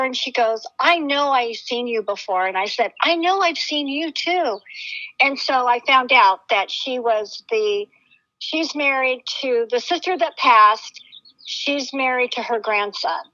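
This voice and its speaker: A woman's voice: on the high side, pushed and bright. A woman casually recounting an experience to a host, acting out the dialogue as she goes. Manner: chatty, repeats quoted dialogue. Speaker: guest eyewitness. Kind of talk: casual storytelling conversation. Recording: dull lo-fi audio.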